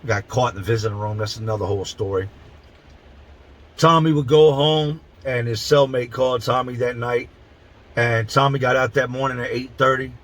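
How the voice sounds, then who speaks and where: This is a middle-aged Philadelphian telling a prison story to camera for his channel, blunt and profane in street slang, with words stretched for emphasis. His voice is medium-pitched and fairly bright with fairly even intonation at normal speed, recorded in low quality.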